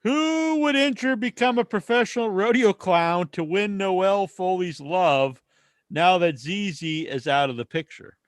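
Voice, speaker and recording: Male podcast host, high voice, casual and opinionated, dry recording. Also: measured pace, no echo. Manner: opinionated, ranting. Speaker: podcast host reading listener questions. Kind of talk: casual wrestling podcast chat.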